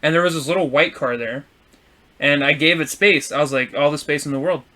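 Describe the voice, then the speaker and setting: A man co-hosting a podcast, with a slightly high voice. He tells stories in a casual, profane way and mimics the shouting from the argument. The talk stays loose and animated. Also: brisk. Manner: profane, animated storytelling, shouts quoted insults. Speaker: podcast co-host. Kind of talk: casual storytelling chat.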